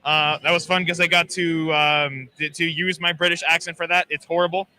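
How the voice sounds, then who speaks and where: A man's voice: on the high side, level tone, normal speed, bright, forceful tone. A man who works as a voice actor, chatting in a laid-back, easygoing way as a guest on a live interview at a gaming expo. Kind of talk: casual interview chat.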